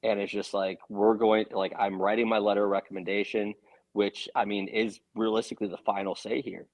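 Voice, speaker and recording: Guy on a podcast telling his story, low voice, earnest and fired up, swears a bit. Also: little pitch movement, a little fast, darkish tone, rough recording. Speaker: podcast guest. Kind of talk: casual storytelling.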